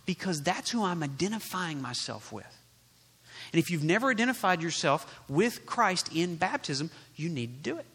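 A man preaching a sermon as pastor, emphatic and full of rhetorical questions, swinging between loud and quiet. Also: fairly high pitch, sing-song, normal speed, husky. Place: church sanctuary. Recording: long hall reverb.

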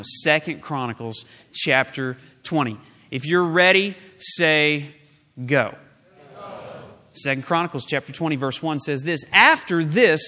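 A man preaches in a church, his voice high and bright as he jokes with the congregation and acts out what people might say. The sound carries a long reverb from a large hall. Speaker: pastor. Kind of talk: sermon. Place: church sanctuary.

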